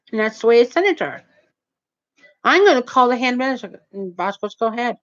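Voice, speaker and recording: A woman tells a story in a rambling, indignant rant, full of restarts, swearing and loose grammar. Her voice sits fairly high. The audio is dull and lo-fi. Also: animated, quick pace. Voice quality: heavy swearing, nonstandard grammar. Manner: indignant, rambling with restarts and "you know what I mean".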